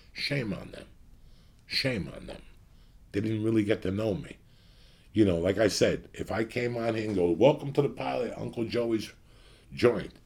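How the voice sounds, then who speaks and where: A man's voice: on the low side, gravelly, mellow, breathy edge. A man in his fifties from the New York area, hosting his show with a blunt, profane rant to his audience. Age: 50s. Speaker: podcast host.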